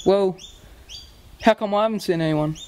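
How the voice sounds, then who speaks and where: A man's voice: high voice, normal speed, a little mellow, close to an everyday voice. A man playing a sulky city boy. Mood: curious. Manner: curt, dismissive. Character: sulky city boy who loves cricket.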